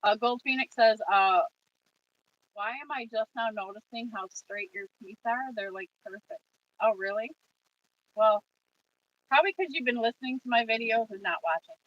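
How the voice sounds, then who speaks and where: A woman's voice: fairly high pitch, normal speed, recorded from a distance, highs cut off. A woman hosting a casual trucking livestream, reading viewer comments aloud and chatting back to them.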